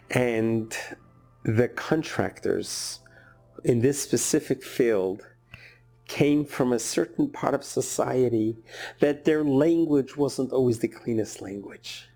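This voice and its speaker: Storytelling rabbi, man, soft music behind. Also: medium pitch, slow pace. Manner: lively storyteller, acts out quoted voices. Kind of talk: storytelling sermon.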